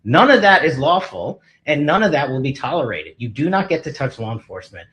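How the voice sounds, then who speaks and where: A man's voice: a little high, very animated, a little fast, a bit bright, poor audio. Firm emphatic male official. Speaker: government official. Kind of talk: firm interview statement.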